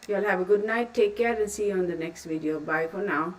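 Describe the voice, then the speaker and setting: A woman's voice: mid-range voice, brisk, far from the mic, poor audio. A woman talks casually through a livestream, reading out comments and thanking viewers in an affectionate, emotional way. Her voice sits a little back from the mic, with a faint hiss of background noise behind it. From Texas. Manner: warm, calls viewers sweetheart, emotional. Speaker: livestream host.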